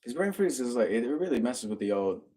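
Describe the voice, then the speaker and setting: A man's voice: mid-range voice, sing-song, fast talker, dark tone. A man co-hosting a casual live stream from a home bar, reading out viewer comments and laughing often. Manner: upbeat, laughs often, talks to his dogs.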